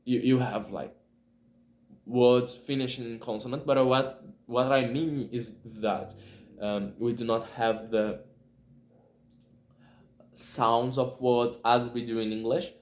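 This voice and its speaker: Slow, hesitant Brazilian man. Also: mid-range voice, fairly even intonation. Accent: Brazilian Portuguese. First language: Portuguese. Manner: hesitant, pauses often to find words. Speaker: English learner. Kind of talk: casual self-recorded video. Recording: roomy echo.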